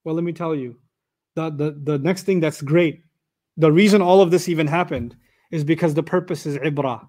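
A man with a high-pitched voice teaches a lesson on scripture. He talks in an animated way, throws rhetorical questions at his audience and rattles off Arabic verses quickly between explanations. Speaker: Quran teacher. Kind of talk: lecture on scripture.

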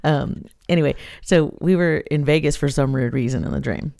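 Low-ish voiced woman cohost, chatty, laughs a ton, animated storytelling. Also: normal speed, creaky. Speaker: podcast co-host. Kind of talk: casual chat.

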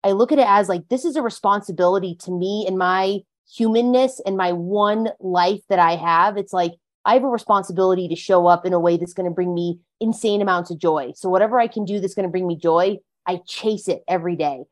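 A woman's voice: on the low side, brisk, few pauses. A woman guest talking earnestly about recovery, leaning on frequent "like" fillers as she goes. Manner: earnest, heavy use of "like" fillers. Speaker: podcast guest. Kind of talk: casual conversation about recovery.

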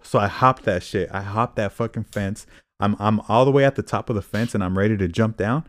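A man's voice: fairly low pitch, fairly quick, no echo. A young man casually telling drunken stories on a podcast, swearing freely and laughing as he goes. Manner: profane, laid-back storytelling with laughs. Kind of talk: casual storytelling chat.

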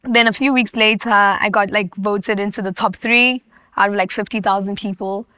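A South African woman guest speaking in a smooth, crisp voice with a bright tone. She tells her story casually and easily, with light laughs between thoughts. The sound is dry and close. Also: medium pitch, fairly even intonation, moderate pace, no room sound. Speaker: guest hip-hop artist. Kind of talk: casual interview chat.

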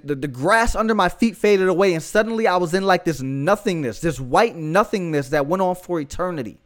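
Male podcast host, high voice, fervent and emphatic testimony delivery. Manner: fervent, emphatic storyteller with casual asides.

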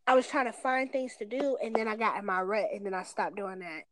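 A woman's voice: medium pitch, steady tone, fairly quick, no echo. A woman in her twenties talking on a phone call in a rambling, casual way, swearing often and filling with "like". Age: 20s.

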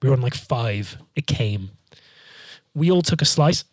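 A man's voice: medium pitch, unhurried, no echo, studio quality. A young man and band frontman telling a travel story in a casual monologue, swearing freely and acting out what people said. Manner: swears freely, animated, acts out quotes. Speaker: band frontman hosting a podcast.

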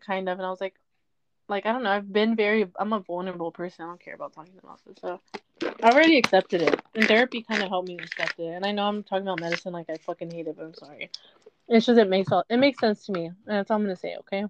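A young woman in her twenties talking candidly in a rambling personal podcast monologue, full of fillers and quick apologies. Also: mid-range voice. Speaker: podcast host. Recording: dull lo-fi dry sound.

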